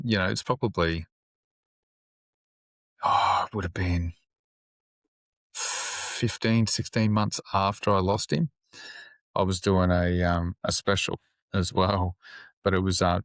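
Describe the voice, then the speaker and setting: A police officer telling a story on a podcast in a casual, halting way, with many fillers and restarts and easy swearing. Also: male voice, low-pitched, dry recording.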